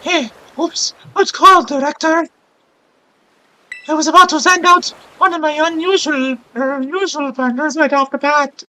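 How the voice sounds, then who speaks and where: Peppy young trainer girl, high falsetto with a hammy Italian accent; a man puts her on for a game playthrough. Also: moderate pace, pushed and bright, full character voice, low-quality recording. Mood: eager.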